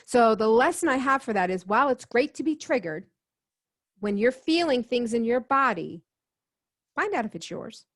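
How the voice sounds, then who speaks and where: A woman's voice: on the high side, sing-song, normal speed. A woman, a guest healer, earnestly telling a personal story in an interview and acting out the dialogue as she goes. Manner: earnest, quotes herself and others in dialogue. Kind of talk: conversational storytelling.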